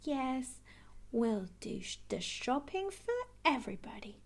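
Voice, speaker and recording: A cheery, kindly grandmother pig from a children's storybook, put on by a woman reader. She sings her lines out in a lifted, lively voice. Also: sits high, unhurried, gravelly, heavily acted.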